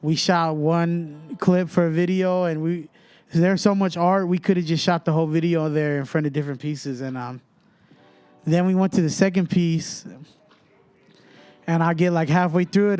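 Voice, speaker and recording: A young adult rapper from Fresno, California, guests in a casual chat, telling an animated story and acting out other people's voices. His voice is fairly high, clean, and at a normal pace, recorded dry with faint music behind.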